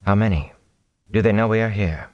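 A man's voice: lowish voice, darkish tone, no room sound, lo-fi sound, close to an everyday voice. A man reading an audiobook, voicing a composed, commanding sorceress who speaks without urgency. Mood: calm. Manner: unhurried, composed.

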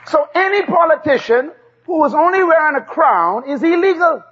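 Emphatic preacher with a high, lively voice. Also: male voice, moderate pace. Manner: emphatic call-and-response preaching. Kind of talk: sermon. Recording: dull lo-fi sermon tape.

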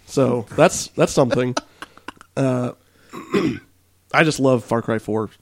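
A man co-hosting a gaming podcast, talking casually while he is sick and hoarse. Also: mid-range voice, slow, dry recording, studio quality. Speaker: podcast co-host. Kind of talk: casual chat.

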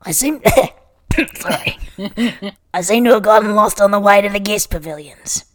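A woman's voice: mid-range voice, lively intonation, drawn-out words. A woman voicing a sly, mocking man in a story she reads aloud, his speech falsely mild and teasing.

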